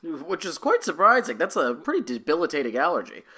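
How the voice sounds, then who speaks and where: A man's voice: a little high, huge pitch swings, fairly quick, pushed and bright, husky. A man co-hosting a podcast, casually recapping a cartoon in a wry, playful, amused way. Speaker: podcast co-host.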